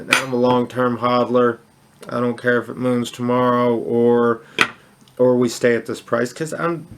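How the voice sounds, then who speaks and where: A man hosting a crypto channel, talking off the cuff with lots of restarts and fillers, upbeat and enthusiastic. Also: medium pitch. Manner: rambling, with many restarts and fillers. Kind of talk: casual unscripted commentary.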